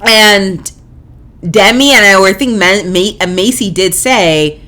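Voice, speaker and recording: A woman's voice: mid-range voice, a little slow, sharp tone. A woman hosting a podcast, giving casual, opinionated commentary with frequent fillers and restarts. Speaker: podcast host. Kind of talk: casual commentary on a reality show.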